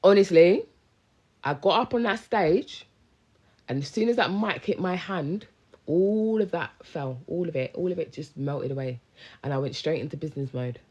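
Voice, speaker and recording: A young woman with a low voice chats on a live stream, slangy, lively and thanking viewers as she goes. She talks like a friendly business coach straight into her phone. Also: moderate pace, husky. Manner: chatty, slangy, animated, responds to viewers. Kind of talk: casual live-stream chat. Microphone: handheld phone live stream.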